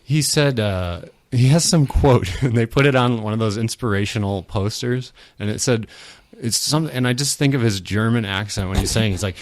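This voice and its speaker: A man's voice: lowish voice, normal speed, hardly any pauses, dry recording. A man hosting a casual podcast, rambling animatedly and often laughing as he talks. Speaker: podcast host.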